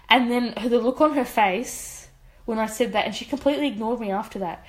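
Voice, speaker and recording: A brisk young Australian woman in her twenties, her voice on the high side, co-hosts a casual podcast chat. She tells her stories with animation, acting out the voices of the people she quotes.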